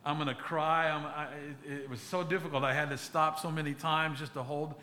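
A man preaching a sermon as a pastor, speaking earnestly and haltingly, often restarting and repeating words. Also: on the high side, fairly even intonation, pushed and bright.

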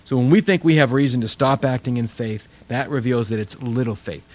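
Middle-aged male pastor, conversational sermon delivery, animated storyteller. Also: mid-range voice, a little fast.

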